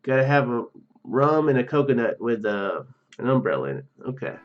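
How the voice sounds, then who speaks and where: A man's voice: mid-range voice, sing-song, brisk. A man playing a text adventure, reading the text aloud with restarts and joking asides. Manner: reads on-screen text with restarts and asides, laughs easily. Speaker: let's play gamer reading game text. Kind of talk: casual let's play commentary and reading aloud. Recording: dull muffled recording with faint game music.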